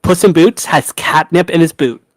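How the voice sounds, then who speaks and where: A young man co-hosting a podcast in casual chat, animated, laughing and swearing freely. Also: on the high side, moderate pace, no room sound. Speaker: podcast co-host.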